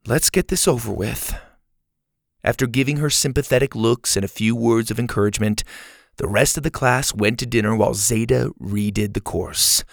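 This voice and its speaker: A man narrating a children's storybook in a lively, expressive way. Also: mid-range voice, fairly quick, vocal fry, no echo, studio quality. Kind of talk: storybook read-aloud narration.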